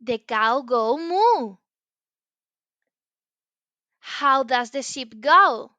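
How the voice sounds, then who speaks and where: Woman, children's teacher, very slow sing-song delivery, bright voice. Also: fairly high pitch, no room sound, dull audio. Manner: slow, exaggerated and encouraging, with repeated praise. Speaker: English teacher for young learners.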